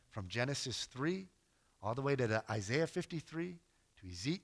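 A man giving an earnest teaching sermon as a missionary preacher, emphatic and storytelling. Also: medium pitch. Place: lives in West Africa.

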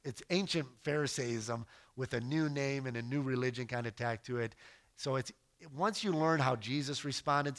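A man's voice: medium pitch, a bit bright. A man giving an earnest teaching sermon as a missionary preacher, emphatic and storytelling. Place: lives in West Africa.

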